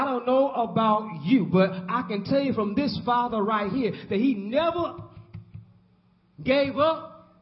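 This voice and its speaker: Male preacher with a high voice, repeats lines for emphasis, calls on the congregation, muffled lo-fi recording. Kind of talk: sermon. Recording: dull lo-fi recording.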